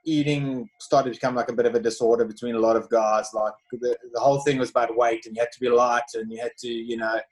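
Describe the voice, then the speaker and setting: A man's voice: medium pitch, fast, hardly any pauses, low-quality recording. A man in his thirties from South Africa with a South African accent, telling stories in a loose, filler-heavy way. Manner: relaxed storytelling, many fillers. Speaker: former pro cyclist, podcast guest. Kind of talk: casual chat.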